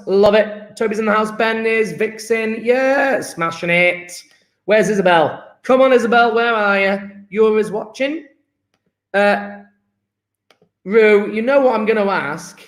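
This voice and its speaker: A man's voice: high-pitched, a little slow, reverberant. A man, a chemistry teacher chatting upbeat and jokey with his class as he takes an online register. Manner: upbeat, joking, chatty with students.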